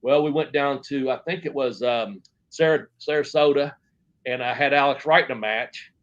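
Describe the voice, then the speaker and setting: A middle-aged man with a mid-range voice speaks at a moderate pace as an interview guest, the recording's highs cut off. His casual wrestling stories ramble and swear, full of restarts and quoted back-and-forth dialogue.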